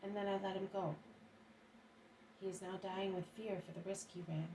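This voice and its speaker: A woman's voice: mid-range voice, level tone, normal speed, mellow, slight background noise, natural voice. A woman voicing an alarmed young male disciple who talks urgently, in exclamations, in a roomy recording from a distant mic. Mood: frantic.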